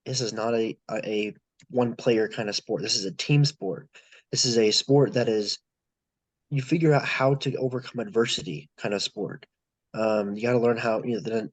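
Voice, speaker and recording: Husky-voiced male co-host, rambling, dry recording. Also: mid-range voice, dry recording, poor audio. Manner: rambling, many restarts. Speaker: podcast co-host. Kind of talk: casual sports discussion.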